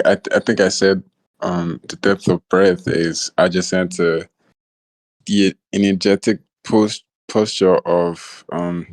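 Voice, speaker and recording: A man in a book club discussion, speaking reflectively and hesitantly, often pausing to find his words. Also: low-pitched, a little mellow, no room sound.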